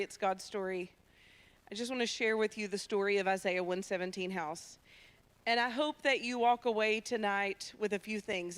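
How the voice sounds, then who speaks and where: Woman, mid-pitched voice, lively testimony speaker at a church. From Tennessee, USA. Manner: lively, emphatic storytelling. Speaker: ministry founder and speaker. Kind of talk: personal testimony talk. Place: church sanctuary.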